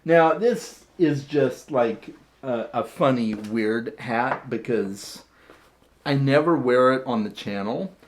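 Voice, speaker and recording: A man's voice: mid-range voice, slow. A man chatting casually to camera as a vlogger, chatty and self-deprecating, often repeating words as he talks. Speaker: vlogger showing his hat collection.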